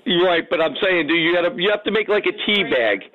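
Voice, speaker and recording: High-voiced male caller on a tinny phone line. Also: animated, quick pace. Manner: chatty, explaining a recipe. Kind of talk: casual radio call.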